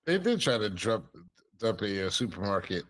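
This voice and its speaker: A man's voice: on the low side, very animated, normal speed. A man hosting a podcast, joking and teasing his co-hosts in casual chat. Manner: playful, teasing. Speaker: podcast host.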